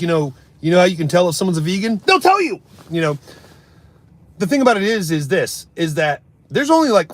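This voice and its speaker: A brash male streamer on a comedic rant who mocks his chat and swears freely. His voice sits a bit high. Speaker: live streamer.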